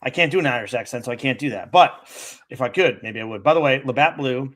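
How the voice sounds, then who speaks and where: A man co-hosting a casual livestream, relaxed and chatty with a playfully formal turn of phrase. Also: medium pitch, fast talker. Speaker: podcast co-host.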